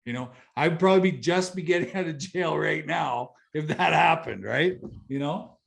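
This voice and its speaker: A man's voice: fairly high pitch, normal speed, vocal fry, a bit bright. Blunt, story-telling middle-aged man. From Canada. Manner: blunt, conversational, swears freely, repeats phrases. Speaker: interview guest. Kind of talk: candid storytelling.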